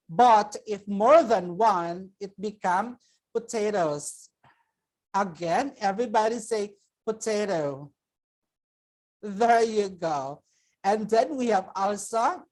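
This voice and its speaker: A woman's voice: medium pitch, darkish tone. A woman teacher with a Filipino accent giving a children's vocabulary lesson, speaking patiently and repeating each word for pupils to say back. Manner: slow, patient, repeats words for pupils to echo.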